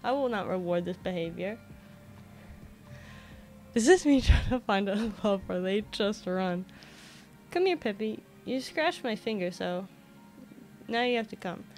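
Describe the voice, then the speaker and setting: A woman streams a casual chat from her home desk, speaking into a desk microphone with soft music in the background. Her mid-range, slightly mellow voice moves at a measured pace with frequent pauses, and she coaxes her cat in a sing-song tone.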